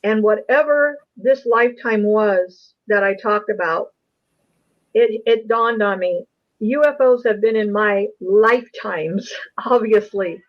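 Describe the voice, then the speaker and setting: A woman's voice: mid-range voice, slow, dull audio. A woman guest, an investigator, earnestly telling a personal story on an interview show. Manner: earnest, emotional recounting.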